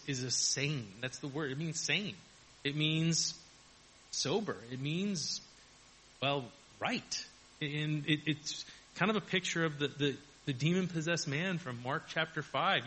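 A man's voice: a little high, pushed and bright, low-quality recording. A man preaching a conversational sermon, chuckling often and acting out quoted voices. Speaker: pastor.

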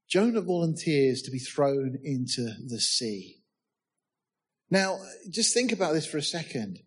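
A man's voice: fairly high pitch, lively intonation, fairly quick, slightly rough. A man preaching a sermon, reading scripture aloud and asking his listeners questions, with touches of humor. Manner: reads scripture aloud in old-fashioned wording.

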